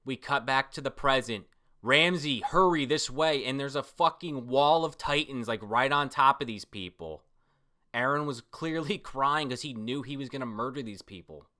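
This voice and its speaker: Guy reacting to a manga out loud, bright edgy voice, swears a lot, keeps going oh my god. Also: medium pitch, normal speed. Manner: excitable, profane, frequent exclamations. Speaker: manga reader reacting to a chapter. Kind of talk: excited read-through commentary.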